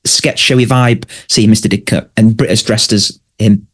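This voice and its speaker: A man's voice: fairly low pitch, fairly even intonation, moderate pace, husky. A man co-hosting a podcast, chatting casually, laughing often and asking his co-host questions. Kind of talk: casual chat about a sitcom.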